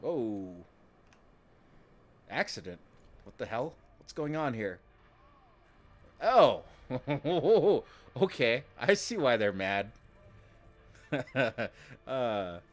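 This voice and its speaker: A man casually commenting while he plays a game on stream, sometimes dropping into a low, menacing voice. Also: very animated, drawn-out words, long pauses. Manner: low, muttered mock-villain asides.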